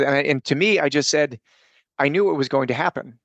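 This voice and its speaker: Gravelly earnest male podcast guest. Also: a little high, brisk, a bit bright, no echo, muffled recording. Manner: earnest, rambling with frequent restarts. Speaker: podcast guest, coach and speaker. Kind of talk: casual interview storytelling.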